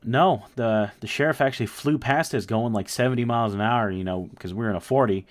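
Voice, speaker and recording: A young man tells a story in a brisk, mid-range voice, rambling along casually. He swears freely and fills his talk with lots of fillers.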